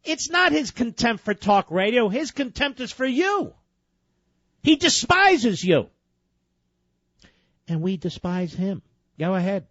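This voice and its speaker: Sarcastic, combative talk radio host. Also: male voice, high voice, sing-song, slow pace, long pauses, a bit bright, dry recording. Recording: dull lo-fi radio broadcast.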